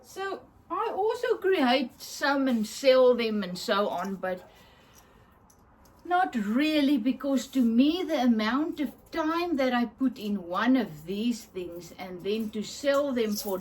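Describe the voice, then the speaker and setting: Slow, high-voiced woman. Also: a little mellow, a little hiss or hum. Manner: chatty, enthusiastic, laughs often, searches for words. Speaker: craft vlogger. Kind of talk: casual show-and-tell.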